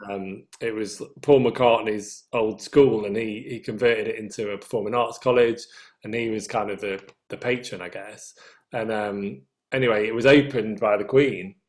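His voice is on the low side, with a steady tone and moderate pace. He's a Northern English-accented singer being interviewed, casually recounting anecdotes and laughing along at them.

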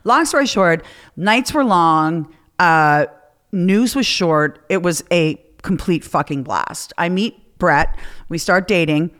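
A middle-aged woman hosting a podcast, telling stories in casual chat with lots of swearing and an animated delivery. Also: lowish voice, slow pace. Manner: profane, animated storyteller. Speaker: podcast host.

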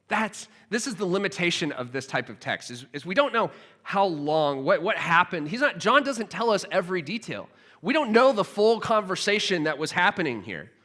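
A man preaching a sermon, retelling a scripture scene with expressive storytelling that drops to a hush and rises with excitement. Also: high voice, in a large hall. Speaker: pastor.

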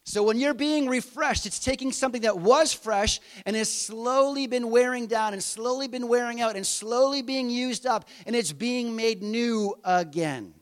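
A man's voice: very high voice, normal speed, few pauses. A middle-aged man preaching a conversational sermon, asking his listeners rhetorical questions. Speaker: pastor.

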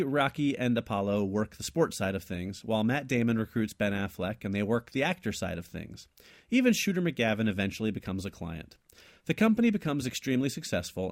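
Podcast co-host, man, animated storyteller, dry studio mic. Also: on the low side, a little fast, dry recording. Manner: animated, laughs often, trails off and restarts. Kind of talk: casual chat, telling a made-up story ending.

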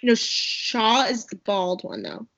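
A woman's voice: a little high, wildly swooping pitch, slow pace, gravelly, fairly bright tone. A woman co-hosting a podcast, recapping a movie in casual chat, rambling with many fillers and asides. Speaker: podcast co-host. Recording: dull lo-fi sound.

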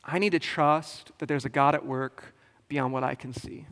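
A man's voice: medium pitch, a bit bright. A male pastor preaching a sermon in a casual, joking, conversational way. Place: church sanctuary. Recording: long hall reverb.

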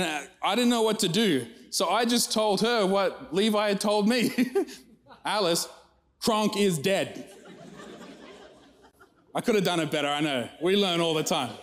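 An Australian man preaching a sermon, telling family stories and acting out the quotes, with the audience laughing along. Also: sits high. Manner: storytelling with animated acted-out quotes. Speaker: pastor.

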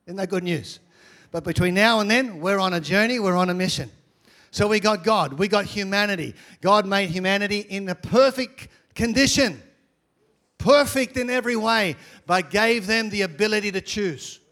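High-voiced man preaching with energy. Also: normal speed. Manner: energetic preaching with repeated phrases, swings from loud to quiet. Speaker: pastor. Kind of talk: sermon.

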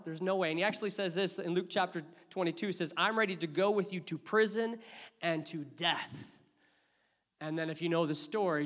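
A man's voice: a little high, steady tone, fairly quick. Dramatic preacher man in a reverberant hall. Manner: dramatic storytelling, swings from loud to hushed. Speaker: pastor. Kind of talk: sermon.

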